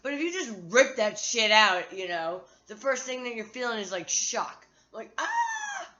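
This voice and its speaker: A woman's voice: fairly high pitch, animated, moderate pace, sharp tone, muffled recording. A woman vlogger talking to her phone in a candid, profane, rambling monologue.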